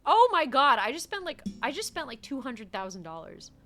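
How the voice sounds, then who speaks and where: A woman's voice: sits high, very animated, a little fast, sharp tone. A young woman streaming a roleplay game, chatting casually, giggling often and muttering to herself. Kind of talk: casual gaming chat and in-character roleplay. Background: faint music.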